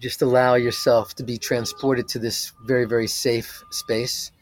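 A man leading a guided meditation as its teacher, talking softly and drawing out each phrase. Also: mid-range voice, little pitch movement. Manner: slow, soft-spoken, drawn-out phrasing.

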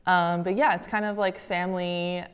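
Enthusiastic woman guest, lowish and smooth, roomy reverb. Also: level tone, moderate pace. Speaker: winery guest. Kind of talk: casual chat. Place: winery.

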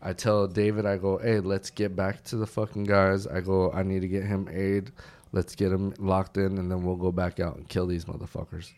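A very low-pitched male voice belongs to a veteran guest on a casual podcast. He tells his story with lots of profanity, and the dramatic moments burst out in shouts. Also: little pitch movement, moderate pace.

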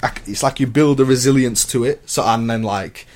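A man's voice: mid-range voice, fairly quick. A young man, co-hosting a podcast and telling rambling, slangy stories full of restarts. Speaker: podcast co-host. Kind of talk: casual chat.

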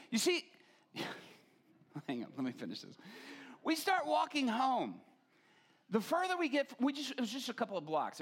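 Man, preacher, lively testimony storytelling, slightly high voice, laughs as he goes. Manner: animated, laughing, acts out quoted voices. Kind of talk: storytelling sermon.

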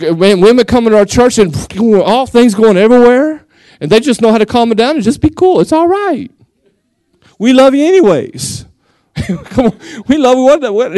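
Male pastor, West Texas accent, high pitch, playful preaching, dry sound. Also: no echo. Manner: animated, jokey, laughs often, acts out quotes. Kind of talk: lively sermon.

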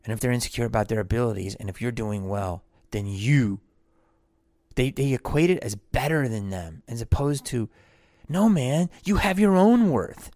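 A man rants his way through a podcast monologue, blunt and salted with profanity. His voice has a gravelly edge, and it sits close and dry on the mic with no room sound. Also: mid-range voice, normal speed, a little mellow, dry recording. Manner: blunt, profane, rambling rant. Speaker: podcast host; actor on tour. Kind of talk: casual monologue.

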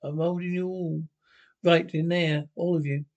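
An actor playing a naive, bumbling stand-in marshal in a 1960s comedy film, talking in an earnest, flustered, over-polite way. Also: male voice, fairly high pitch, level tone, moderate pace, darkish tone, muffled recording, close to an everyday voice.

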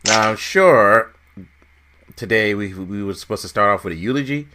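A man with a somewhat low voice hosts a casual podcast. He jokes and complains theatrically, keeping the chat loose and playful. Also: moderate pace, bright, forceful tone. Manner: jokey, mock-dramatic complaining. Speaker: podcast host.

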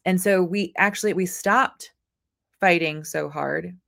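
A woman's voice: fairly low pitch, steady tone, measured pace, vocal fry, a bit bright. A woman in her thirties hosting a motivational live stream, talking earnestly and acting out her own inner voices. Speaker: host. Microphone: camera mic.

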